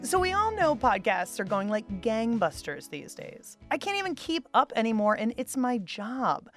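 A woman's voice: sing-song, moderate pace, fairly bright tone, faint music behind. A woman hosting a podcast show in a bubbly, playful radio manner. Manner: bubbly and playful, with big swoops in pitch.

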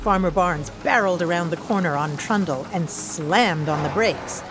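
A woman reading a children's picture book aloud with a co-reader, animated and playful. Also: lowish voice, normal speed, over music. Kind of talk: children's storybook read-aloud.

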